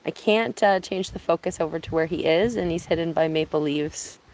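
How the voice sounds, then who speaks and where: A woman from Ontario chatting casually on an outdoor live stream, speaking softly, answering viewers and laughing easily, filming on her phone. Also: sits low, a little fast, slight background noise, poor audio. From Ontario, Canada. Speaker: live-streaming bird watcher. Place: outdoors at a cottage. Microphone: phone on binoculars, held by hand.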